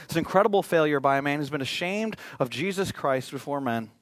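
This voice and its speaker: A man's voice: a little high, lively intonation, quick pace, a bit bright, no echo. A male pastor preaching a sermon in a conversational way, with joking asides.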